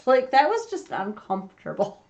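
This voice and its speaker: A woman co-hosting a relaxed movie podcast, offhand in her opinions and quick to laugh. Her voice sits a touch higher than most. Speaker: podcast co-host. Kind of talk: casual movie review chat.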